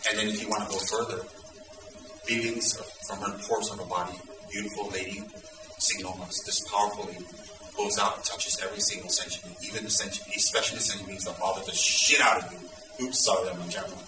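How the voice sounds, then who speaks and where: Man, Buddhist teacher, low voice, intense and dramatic, echoey room, music behind. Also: steady tone, a little fast, far from the mic. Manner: intense, dramatic, shifts into loud exclamations. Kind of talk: Dharma teaching to students.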